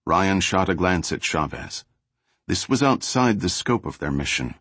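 A man narrating an audiobook thriller in a steady, even storytelling voice. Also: low voice, unhurried, slightly rough, dry recording. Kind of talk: scripted narration.

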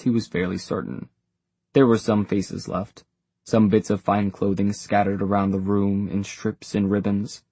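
A man narrating an audiobook in a measured, even storytelling way, with a husky voice. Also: lowish voice, dry recording. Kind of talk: scripted narration.

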